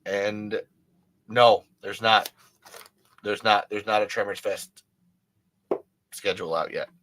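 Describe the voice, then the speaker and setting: A man's voice: fairly low pitch, fairly even intonation, slow, fairly bright tone, slight background noise. A man in his thirties hosting a casual livestream, rambling emphatically with many restarts and frequent swearing. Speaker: livestream host.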